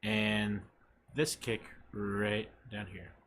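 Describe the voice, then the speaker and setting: A young man hosting a casual music production tutorial, swearing freely and counting beats out loud. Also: lowish voice, level tone, very slow, a little hiss or hum. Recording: music playing underneath. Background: music playing.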